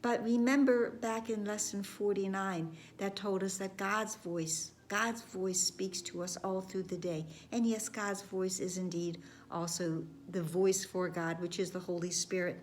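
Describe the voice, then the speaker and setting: A woman giving a reflective spiritual lesson, speaking gently with repeated phrases and some words dropped to a whisper. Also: medium pitch, fairly even intonation, unhurried, few pauses, slight background noise. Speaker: spiritual course teacher.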